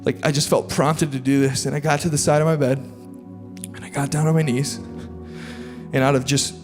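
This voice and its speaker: A man's voice: medium pitch, little pitch movement, normal speed. A young man, a pastor, telling a personal story in a sermon and building into earnest, impassioned preaching. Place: large church auditorium. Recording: live church hall reverb with soft music.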